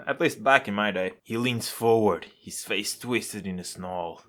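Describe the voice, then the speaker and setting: A man doing a comedic chatbot role-play, reading the story out and answering in a deadpan, mock-casual, trolling way over faint music. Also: mid-range voice, measured pace, few pauses. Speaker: YouTuber role-playing with an AI chatbot.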